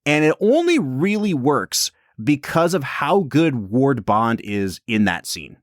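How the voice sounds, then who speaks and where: A man co-hosts a casual film podcast in a playful, animated way, his pitch rising and falling a great deal. He sits at a middle pitch for a man. The sound is dry and close. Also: slow pace, dry recording. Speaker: podcast co-host.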